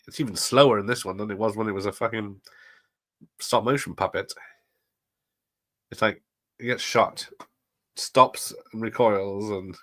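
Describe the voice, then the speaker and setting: Chatty low-voiced man. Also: fairly bright tone, no echo. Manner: chatty, laughs often, rambling asides. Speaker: watch-party host. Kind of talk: casual live commentary reading chat.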